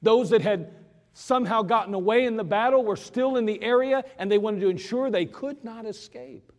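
A man's voice: high voice, moderate pace. A man preaching a sermon, who acts out scenes in dramatic voices. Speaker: pastor. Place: church sanctuary. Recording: long church reverb.

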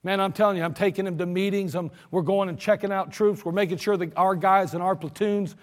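A man's voice: sits high, fairly quick. A man preaching a sermon with storytelling and acting out the voices of the people in his stories. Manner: animated storyteller, acts out voices. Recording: long hall reverb.

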